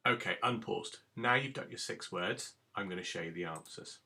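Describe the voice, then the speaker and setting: A man's voice: low voice, moderate pace, creaky, sharp tone. A man teaching a recorded phonics lesson to young children, giving patient step-by-step instructions. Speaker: primary school teacher.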